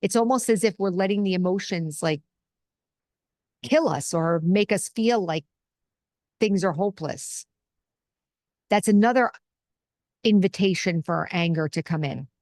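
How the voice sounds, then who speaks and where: A woman's voice: on the low side, a little slow, pauses often, a little mellow, no echo, studio quality. A middle-aged woman hosting a casual spiritual talk, teaching in an earnest, conversational way and drawing on personal examples.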